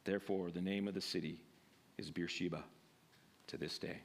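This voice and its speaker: A man's voice: low-pitched, steady tone, moderate pace. A male pastor preaching a sermon and reading scripture in a casual, conversational way, with frequent fillers.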